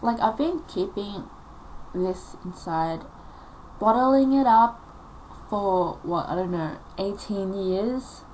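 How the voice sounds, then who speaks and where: A woman's voice: medium pitch, slow pace, a little mellow, slight background noise, rough recording. A young woman, telling a personal story casually, rambling and emotional with many fillers.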